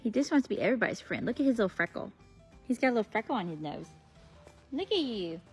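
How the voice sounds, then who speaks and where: A woman's voice: a little high, expressive, racing, husky. Woman, gushing baby talk, horse barn, phone camera, faint music. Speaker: horse breeder filming her foals. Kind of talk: casual vlog talking to foals.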